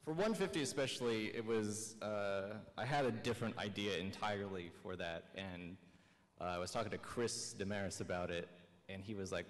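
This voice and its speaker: A man's voice: on the low side, normal speed. A man chatting on a convention panel, telling stories in a rambling way with lots of fillers. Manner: rambling, filler-heavy storytelling. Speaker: panel guest animator. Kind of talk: casual panel talk. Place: large convention hall. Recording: echoey convention hall.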